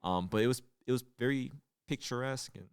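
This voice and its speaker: A young man co-hosting a comedy podcast, telling stories in a casual chat and acting out loud outbursts. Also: medium pitch, fast, clean tone, no echo, studio quality. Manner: animated storyteller, acts out loud outbursts. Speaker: podcast co-host.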